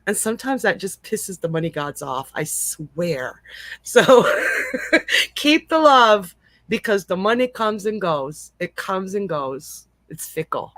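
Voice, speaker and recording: Soft-spoken psychic lady, takes her time, dry close sound, reassuring and emotional. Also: lowish voice, expressive, slow pace, dry recording. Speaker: psychic reader. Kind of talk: live online reading, casual chat.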